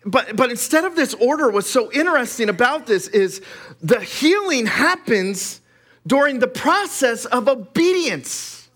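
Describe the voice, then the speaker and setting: A man with a fairly high voice delivers a sermon. His delivery is animated and conversational, full of casual asides. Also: unhurried. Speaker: pastor.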